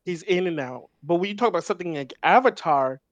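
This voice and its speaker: Higher-voiced man explaining at length. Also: lively intonation, fast talker, no room sound, highs cut off. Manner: thoughtful, restarts often while explaining. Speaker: podcast co-host. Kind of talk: casual film discussion.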